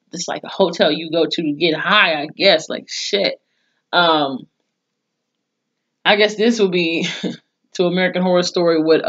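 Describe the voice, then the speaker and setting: A woman giving a casual, profane recap of a TV episode, acting out the characters' lines with animated voices. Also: lowish voice, muffled recording. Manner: chatty and profane, with animated acted-out quotes. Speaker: TV episode reviewer.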